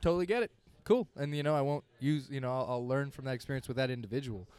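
A young man appears as a comedian guest on a casual podcast. He talks frankly and rambles, stopping and restarting his sentences as he goes. His voice sits at an ordinary middle pitch. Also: fairly even intonation, quick pace, a little mellow, clear, resonant tone. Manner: candid, rambling, hesitant restarts. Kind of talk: casual chat.

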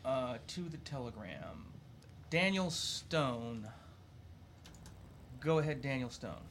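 A man's voice: medium pitch, big pitch swings, slow pace, fairly bright tone. A man working as a livestream assistant, casually reading out call-in rules with many hesitant fillers.

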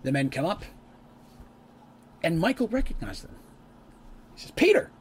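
A man's voice: fairly high pitch, big pitch swings, a little slow, breathy edge. A man casually recapping a tabletop campaign, rambling with chatty asides and restarts.

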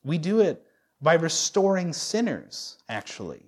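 A man's voice: fairly high pitch, big pitch swings, unhurried. Candid, stumbling male pastor. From United States. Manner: candid and self-deprecating, with frequent restarts. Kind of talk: sermon.

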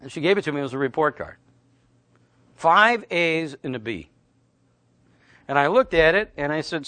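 Animated, high-pitched preaching man. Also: normal speed, pauses often. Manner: emphatic, preachy, conversational storytelling. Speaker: pastor. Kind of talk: sermon.

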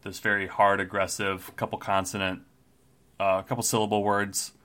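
A man's voice: fairly low pitch, level tone, normal speed, bright, forceful tone. A man in casual podcast chat who plans a tabletop character eagerly and laughs readily. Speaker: podcast co-host building a character. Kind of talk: casual chat about tabletop game planning.

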